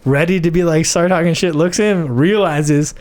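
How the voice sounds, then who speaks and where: A man tells a story on a casual podcast. He swears a lot and talks in an animated way, filling his sentences with "like" and "right?". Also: fairly high pitch, moderate pace. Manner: animated, profane, lots of "like" and "right?". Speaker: podcast co-host.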